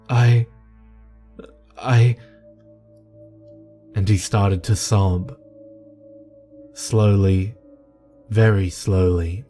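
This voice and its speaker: A man giving slow, measured, grave scripted horror narration. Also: on the low side, mellow. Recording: narration over faint music.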